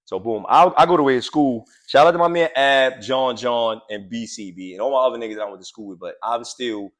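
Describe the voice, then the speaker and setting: A man's voice: medium pitch, fairly quick. A man in his late thirties, co-hosting a podcast, telling a story in casual chat with profanity and acted-out quotes. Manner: animated, profane, acts out quotes. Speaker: podcast co-host.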